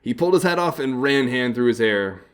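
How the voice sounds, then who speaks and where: A man's voice: mid-range voice, expressive, brisk, a bit bright, clean tone. A man hosting a let's play, reading the game text aloud with casual, chuckling asides. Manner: casual, chuckling asides between read lines.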